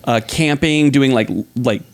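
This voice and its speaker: A man's voice: medium pitch, normal speed. A man co-hosting a podcast in loose casual chat, rambling through stories with crude jokes and laughter. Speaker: podcast co-host.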